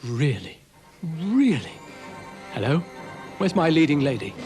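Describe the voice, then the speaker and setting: A man's voice: on the high side, very animated, takes it slowly, a little mellow, soft background music. A man doing a pompous grumpy cartoon dog. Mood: exasperated. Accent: British. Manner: pompous, exasperated. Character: grumpy pompous male dog, self-important.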